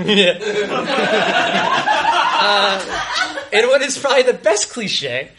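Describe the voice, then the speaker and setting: A young man telling a self-mocking comic story on a live stage, halting and restarting as he goes. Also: high voice, sing-song, very noisy. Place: live show before an audience.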